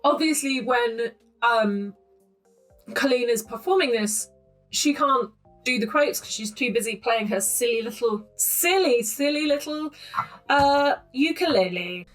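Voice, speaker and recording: A woman's voice: fairly high pitch, lively intonation, measured pace, faint music behind, low-quality recording. A woman giving casual, opinionated close-reading commentary as the host of a poetry analysis channel, talking to her camera at home with plenty of ums. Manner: chatty and opinionated, with frequent ums.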